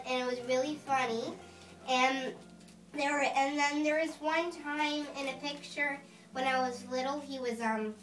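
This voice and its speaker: High bright woman telling a halting story. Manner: halting, giggly, self-interrupting. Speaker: speaker at a memorial. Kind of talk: halting personal anecdote. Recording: roomy and distant.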